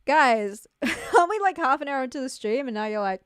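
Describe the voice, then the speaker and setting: A young woman rambles through a casual livestream chat, giggling and leaning hard on fillers. Her voice is smooth and clear, and the sound is close and dry. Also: sits high, animated, normal speed, fairly bright tone, dry recording. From New Zealand. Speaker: streamer.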